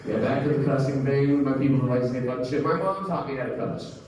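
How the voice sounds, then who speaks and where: A man's voice: medium pitch, steady tone, fast talker, a little mellow, slight background noise. A man in his thirties doing a stand-up set, loose and crude, rambling with lots of fillers. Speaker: stand-up comedian. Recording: echoey comedy club, distant mic.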